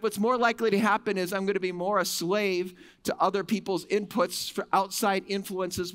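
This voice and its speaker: Animated man giving a conference talk. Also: high voice. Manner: animated storytelling with big swings in loudness. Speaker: conference speaker. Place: conference hall.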